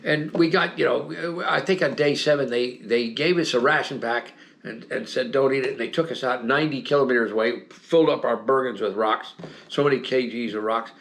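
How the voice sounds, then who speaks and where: A man's voice: mid-range voice, brisk, gravelly, a bit bright, slight background noise. An American man in his seventies, telling old stories as an interview guest. He rambles, circles back with fillers and restarts, and chuckles as he goes. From United States. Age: 70s. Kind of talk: casual storytelling interview.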